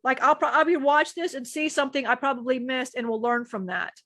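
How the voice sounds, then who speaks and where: Co-hosting a live stream as a channeler, a woman speaks in a high, slightly quick voice with a sharp edge and no echo. She rambles emotionally through her personal struggles, frequently restarting sentences and swearing casually.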